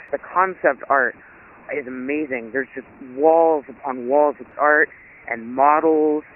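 A man phones in a casual report, excited and chatty, laughing as he goes. His voice sits fairly high. The line is tinny and narrow, with a faint hiss. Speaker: caller, podcast co-host.

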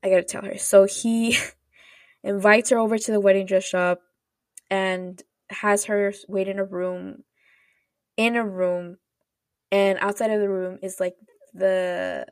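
A woman's voice: mid-range voice, flat delivery, slow pace, long pauses, no echo, studio quality. A woman podcast host casually recapping a show's plot, rambling with lots of fillers and quoting characters as she goes. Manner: chatty, rambling, heavy on fillers like "like" and "you know"; retells scenes with quoted dialogue.

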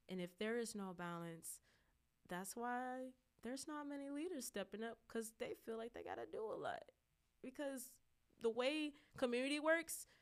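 A woman hosting a solo podcast, musing softly, then bursting into loud, emphatic declarations and repeating phrases for emphasis. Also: fairly high pitch. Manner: impassioned, preachy, swings between soft musing and loud emphatic outbursts. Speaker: podcast host. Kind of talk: solo reflective podcast monologue.

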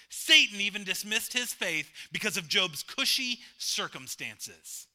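A man's voice: sits high, big pitch swings, measured pace, sharp tone. A male pastor giving a sermon, emphatic and repeating his key phrases.

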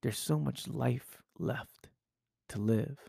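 Gravelly man giving a motivational talk. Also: mid-range voice, slow pace, warm tone, dry recording, clean studio sound. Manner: intense, preachy, rhetorical questions. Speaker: podcast host. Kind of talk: motivational monologue.

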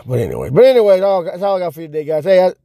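A young man with a drawl vlogs from his car, rambling and swearing as he circles back over his own words. His voice sits a little high for a man. The sound is dry and close, with no room around it. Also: big pitch swings, very fast, mellow, no echo. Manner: profane, rambling, repeats himself. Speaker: vlogger. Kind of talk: casual rant to camera.

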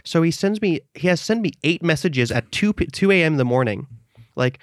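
A man's voice: a little high, fairly quick, no echo, studio quality. A man from the Netherlands telling a long story in casual podcast chat, acting out the quoted voices of others.

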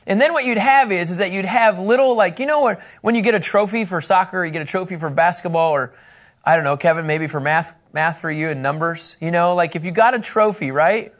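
A man teaching a Bible lesson in a room, animated and joking, acting out little scenes and talking with people in the room. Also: high-pitched, brisk.

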